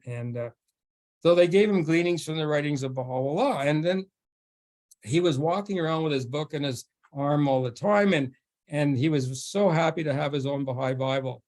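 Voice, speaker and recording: A man speaking as a guest at a faith forum, telling a story in a halting way with many restarts and frequent laughter. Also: a little high, darkish tone. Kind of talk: storytelling talk.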